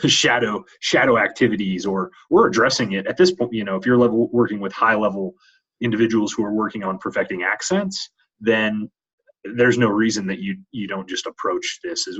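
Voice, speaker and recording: This course instructor has a fairly low, somewhat bright and slightly rough voice at a moderate pace. He opens his recorded weekly lecture by presenting the reading haltingly, with many fillers, ums and false starts, and the lo-fi audio sounds dull.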